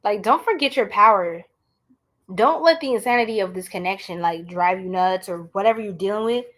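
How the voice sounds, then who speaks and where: A woman's voice: medium pitch, brisk, fairly bright tone. A woman doing a casual live-stream tarot reading, chatting with viewers in a slangy, blunt way.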